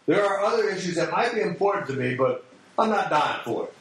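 A man's voice: sits high, animated, fairly quick. A middle-aged man giving a sermon in a folksy, blunt storytelling way, recorded in a large room. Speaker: preacher. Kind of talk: sermon with personal stories. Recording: echoey, distant hall mic.

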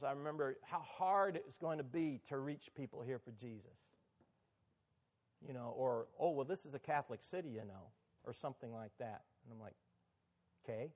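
A man's voice: fairly high pitch, darkish tone. A man, the pastor of a church, preaching a sermon in a conversational, sometimes emphatic way.

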